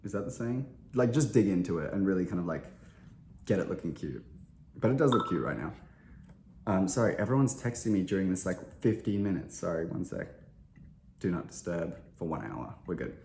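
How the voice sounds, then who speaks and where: A low-pitched man chats through fan questions, loose and self-deprecating, with plenty of "like" and "um". He sounds slightly under the weather. The room around him is echoey. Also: animated, fairly quick, a little mellow, slight background noise. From Australia. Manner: chatty, self-deprecating, lots of filler words. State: slightly unwell. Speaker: interviewed musician. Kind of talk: casual interview chat.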